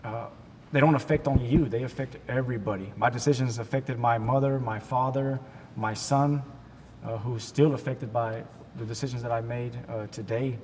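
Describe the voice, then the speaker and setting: A man's voice: fairly even intonation, a little mellow. Man telling his story in a reverberant hall. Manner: halting, with many restarts, acting out the voices of people in his story. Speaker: guest sharing his testimony. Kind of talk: emotional personal storytelling in an interview. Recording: long hall reverb with faint rumble.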